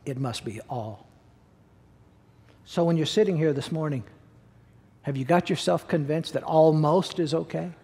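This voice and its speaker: A man's voice: fairly high pitch, fairly even intonation, normal speed, vocal fry, dark tone, husky, big-room sound. A man preaching a sermon as pastor, emphatic and conversational, repeating key words for effect.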